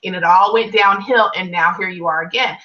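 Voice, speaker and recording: Woman guest, bright storytelling voice, high-ish, slightly distant dull lo-fi mic. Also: fairly quick. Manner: animated storyteller, acts out quotes in higher pitch. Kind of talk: personal story in casual conversation.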